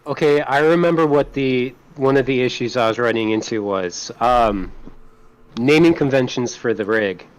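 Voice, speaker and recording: A man on a game dev team explaining a technical problem casually, halting and restarting often. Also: mid-range voice, clean tone, rough recording. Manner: halting, many ums and restarts.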